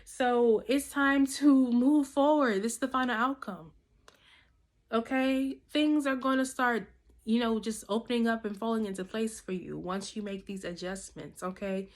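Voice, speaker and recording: Woman, fairly high voice, casual tarot reading, direct coaching tone, slangy, curses casually, frequent "okay?". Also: normal speed. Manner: salty slang and casual swearing. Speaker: tarot reader.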